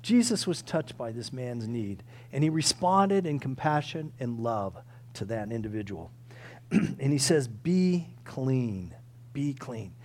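A man's voice: medium pitch, expressive, a little slow, a little hiss or hum. A man preaching a sermon, earnest and emphatic, acting out quoted prayers and pleas.

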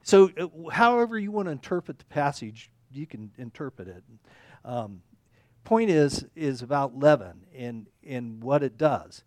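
A man's voice: a little high, expressive, a little slow, dry recording. A man preaching a conversational sermon, rambling and correcting himself, often checking in with "okay?". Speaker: pastor.

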